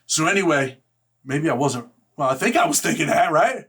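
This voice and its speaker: A man casually telling a personal story in rough street slang, blunt and profane, filling every pause with "man" and "right?". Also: fairly high pitch, lively intonation, a bit bright.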